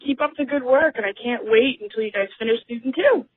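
A woman's voice: a little high, quick pace, breathy edge, no echo. Woman, caller, enthusiastic fan voicemail, tinny phone line, dry. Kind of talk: voicemail message.

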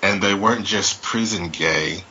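A man's voice: low voice, unhurried, dull audio, a crowd in the background. A man co-hosting a casual podcast, reading listener feedback aloud with amused asides.

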